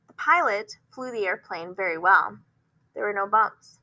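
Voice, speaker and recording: A woman teacher explaining phonics, often pausing with "um" and sounding words out slowly. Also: fairly high pitch, lively intonation, bright, forceful tone, rough recording. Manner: explanatory, frequent "um" fillers, slow demonstrations of words.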